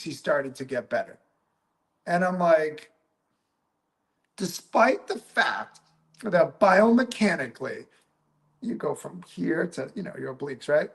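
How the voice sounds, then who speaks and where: A man's voice: high-pitched, gravelly. A man, a physical therapist, teaching through a patient story, often checking in with "right?" and "okay?" and acting out what he said back then. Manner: animated, peppers talk with "right?" and "okay?"; acts out his own past remarks. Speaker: physical therapist and clinic coach.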